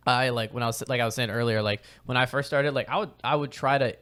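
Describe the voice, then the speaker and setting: Laughing, animated young man telling stories. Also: mid-range voice, fast talker. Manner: animated storyteller, laughs often, acts out quotes. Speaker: podcast guest. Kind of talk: casual podcast chat.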